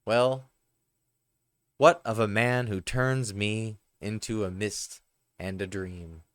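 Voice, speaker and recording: A man's voice: lowish voice, fairly even intonation, slow, dry recording. A man reading aloud the lines of a proud, indignant woman, firm and direct. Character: proud woman spurning her lover.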